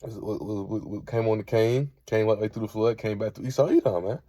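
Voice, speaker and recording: Reading verses aloud in a relaxed scripture lesson, this Bible teacher checks in with "right?" after nearly every point. He speaks briskly in a fairly low, warm voice, with no echo on the recording.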